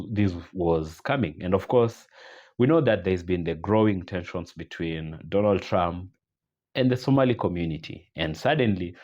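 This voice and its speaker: A man with a fairly low voice hosts a commentary video. He talks in a measured way and leans on old sayings. The recording sounds dull and lo-fi. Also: darkish tone. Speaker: channel host.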